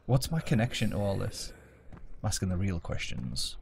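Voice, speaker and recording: A man's voice: deep voice, sing-song, normal speed, creaky, slight background noise. A man playing a game at his home desk, joking, swearing and mocking himself as he plays. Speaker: let's play gamer. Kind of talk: casual gameplay commentary.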